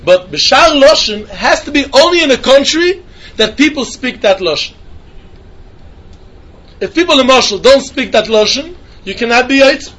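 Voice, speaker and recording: A man giving a Talmud lesson, talking in a fast singsong that climbs to emphatic peaks. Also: very high-pitched, lively intonation, a bit bright, highs cut off. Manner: rapid singsong mix of English and Yiddish with Hebrew terms, rising to emphatic peaks. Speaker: Talmud teacher. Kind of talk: Talmud lecture.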